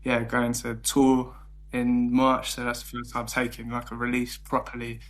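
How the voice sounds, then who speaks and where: Flat-toned young London man. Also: mid-range voice, moderate pace. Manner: hesitant, searching for words, flat delivery. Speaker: band member. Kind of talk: casual interview chat.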